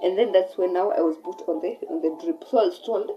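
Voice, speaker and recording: Young Kenyan woman, mellow code-switching storyteller. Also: fairly low pitch, a little fast, dull audio, a little hiss or hum. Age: young adult. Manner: animated, switches between English and Swahili mid-sentence. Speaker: vlogger. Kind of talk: casual storytelling.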